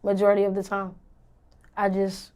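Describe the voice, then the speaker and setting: A woman's voice: mid-range voice, monotone, moderate pace, a little mellow. A young woman rapper answering interview questions in a blunt, confident, slangy way.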